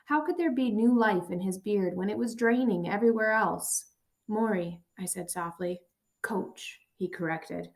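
A woman's voice: medium pitch, moderate pace, a little mellow. Woman reading a somber memoir aloud. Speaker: audiobook narrator. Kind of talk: first-person memoir narration.

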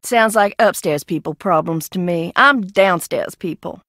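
A woman's voice: fairly low pitch, a little slow, fairly bright tone, dry recording, studio quality. An actress playing an eccentric, mocking young woman hiding in an old mansion in a video game, talking with sardonic, theatrical swings. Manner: sardonic, theatrical, swinging between taunts and outbursts.

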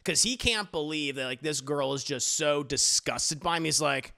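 A man casually recapping a TV episode, animated and profane, acting out the scenes as he goes. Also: a little high, normal speed, gravelly. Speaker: TV reviewer.

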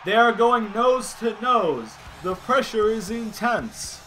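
A man's voice: high voice, animated, takes it slowly, a bit bright, a little hiss or hum, pitched above the performer's own voice, full character voice. A man voicing a dramatic male wrestling TV commentator, playing up the hype. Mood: hyped. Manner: dramatic announcer delivery.

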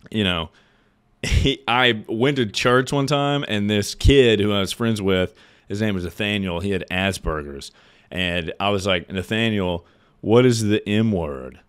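A young man streamer telling a rambling story on a livestream, laughing and swearing casually, sometimes jumping into loud squeals to act out his younger self. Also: on the low side, clear, resonant tone.

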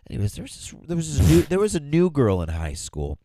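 A man's voice: a little high, huge pitch swings, fast talker, noisy background. A middle-aged man co-hosting a podcast, telling rambling stories in casual chat and swearing freely. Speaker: podcast co-host.

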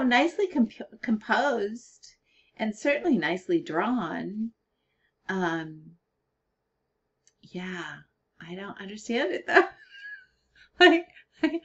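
A woman's voice: fairly high pitch, slightly rough, muffled recording. A middle-aged woman giving a casual spoken critique of colored pencil art, thinking aloud with fillers and restarts.

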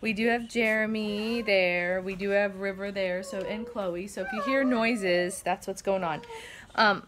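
A woman's voice: mid-range voice, fairly even intonation, measured pace, a bit bright, slight background noise. A middle-aged woman hosting a home vlog, talking to camera in an earnest, rambling way, emotional and a little shaky, with lots of fillers and restarts. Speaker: vlog host. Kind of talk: casual heartfelt talk to camera. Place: family home with kids around.

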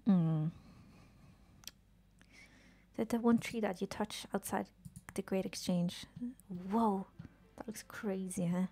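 This gaming streamer talks slowly in a dark, mid-range voice, leaving long pauses. She keeps the live chat casual, swears without restraint, speaks to the characters on screen, and often slips into a whisper.

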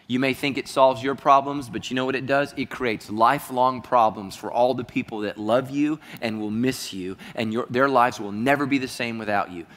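Male pastor, earnest storytelling sermon, mid-pitched voice that sinks to a hush, long church reverb. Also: moderate pace, few pauses. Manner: earnest, dropping to a hushed voice for heavy moments.

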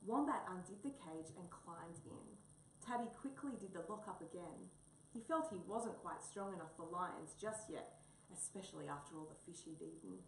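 Woman reading a children's book, lower voice. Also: normal speed, a little hiss or hum. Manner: steady storytelling. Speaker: reader. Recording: roomy, distant mic, faint ambience.

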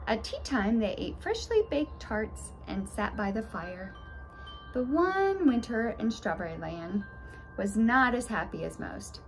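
Expressive woman reading a children's story. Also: a little high. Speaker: storybook reader. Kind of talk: children's story read aloud.

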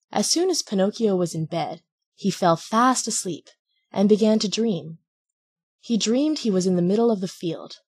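A woman narrating a classic children's story with a steady, expressive reading. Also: mid-range voice, breathy edge. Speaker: audiobook reader.

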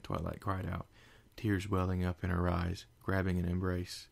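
A man reads a story aloud in a low, gravelly voice. His narration is steady, with a stumble here and there. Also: normal speed. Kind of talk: fan fiction reading.

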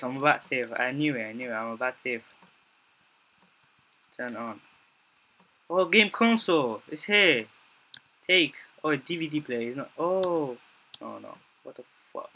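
Casting: young male gaming YouTuber with a bright, clear tone; jittery, stammering play-by-play that jumps into panicked repeats. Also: medium pitch, animated, measured pace, pauses often. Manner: jumpy, panicky reactions with frequent swearing and repeated phrases; mutters to himself, stammering restarts. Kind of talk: gameplay commentary.

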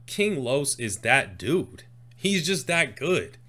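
A man reacting to a rap freestyle, his voice bright and forceful as he explains each line. He talks in a loose, casual way and gets excited as he unpacks the wordplay. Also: medium pitch, takes it slowly. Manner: excitable, breaks down lyrics line by line. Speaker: music reaction host.

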